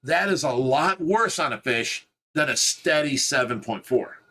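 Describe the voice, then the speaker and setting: A man's voice: mid-range voice, expressive, measured pace, pushed and bright. A man with a Midwestern American accent, co-hosting a fish rescue stream from home, chatting casually and rambling with restarts. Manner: rambling, restarts, laughs at himself. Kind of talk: casual livestream chat. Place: indoors at home.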